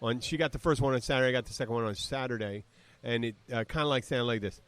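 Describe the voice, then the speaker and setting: A man in his fifties from the southern United States hosts a casual podcast chat. He rambles from story to story and slips into quick voice impressions when he retells them. His voice sits at an ordinary male pitch, recorded close and dry with no room sound. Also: a bit bright, smooth, dry recording. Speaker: podcast host.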